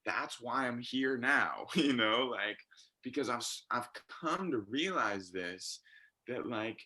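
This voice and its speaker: A man's voice: medium pitch, expressive, slow, pushed and bright. A man who is a rapper, talking as a podcast guest in a rambling way with heavy swearing and fillers. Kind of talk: casual podcast chat.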